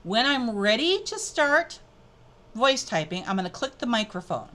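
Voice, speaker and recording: A woman presenting an upbeat, chatty software tutorial as she clicks through a screencast. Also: on the high side, very animated, moderate pace. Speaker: edtech presenter.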